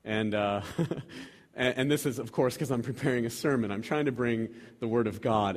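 A man in his thirties or forties preaches in a relaxed, self-deprecating way, often restarting his sentences and chuckling at his own stories. His voice sits at an ordinary middle pitch for a man. The sound carries the long reverb of a church sanctuary. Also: moderate pace. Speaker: lay preacher. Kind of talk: casual sermon with prayer.

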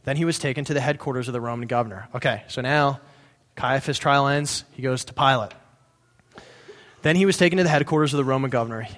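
A man's voice: medium pitch, fast talker, fairly bright tone. Man preaching in an echoing hall. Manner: conversational, breaks off to explain, corrects himself. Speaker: pastor. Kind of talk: casual sermon reading and explaining scripture. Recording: long reverb in a hall.

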